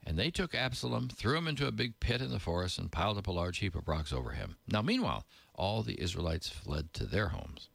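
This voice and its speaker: A man's voice: lowish voice, very animated, fairly quick, gravelly, few pauses, a bit bright, no room sound. A man teaching from the Bible, reading passages aloud and adding plain, casual comments. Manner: reads scripture aloud, then adds plain casual asides.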